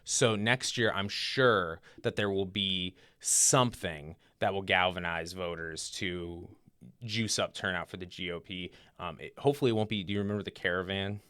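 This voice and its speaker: A man co-hosting a podcast, chatting casually about politics in a rambling, animated way with many fillers and restarts. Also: deep voice, normal speed, smooth, no room sound, studio quality. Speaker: podcast co-host.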